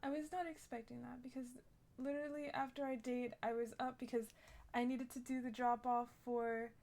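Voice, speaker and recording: A woman's voice: a little high, flat delivery, moderate pace, a little mellow. A young woman telling a rambling, shaken story in character during a role-play game, full of "like" and restarts.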